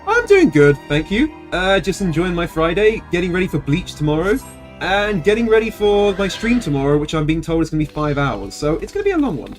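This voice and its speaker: A man streaming a video game, chatting to viewers in an animated, rambling way. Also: sits high, fairly quick, faint music behind. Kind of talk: casual gameplay commentary.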